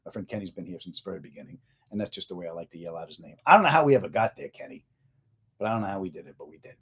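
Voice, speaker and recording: Low, slightly rough, and rapid-fire, a middle-aged comedian talks with viewers during a casual live stream of his own podcast. He cracks jokes and tells stories with animated energy.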